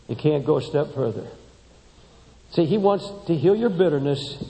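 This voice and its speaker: A man preaching a sermon to a congregation, impassioned and emphatic, often rising high as he drives a point home. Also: animated, normal speed, vocal fry, long pauses, mellow. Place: large church sanctuary. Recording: long hall reverb in a church.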